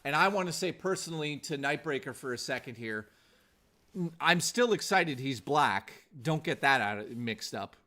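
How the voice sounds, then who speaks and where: A man's voice: fairly high pitch, lively intonation, normal speed, sharp tone. Male streamer host, strained voice, earnest pep talk with swearing, close desk mic. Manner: earnest, motivational, swearing freely. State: losing his voice. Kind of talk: live stream chat with viewers.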